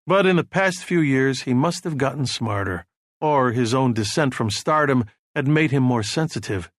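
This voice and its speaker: A man reads a novel aloud as an audiobook, his storytelling voice steady and measured. His voice is mid-range, and the studio-quality recording has no room sound in this scripted narration.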